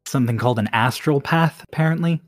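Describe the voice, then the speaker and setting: A man's voice: mid-range voice, fast, dry recording, clean studio sound, faint music behind, voice pushed up, natural voice. A man voicing a laid-back, blunt woman sailor with a Cockney accent and clipped, offhand phrasing.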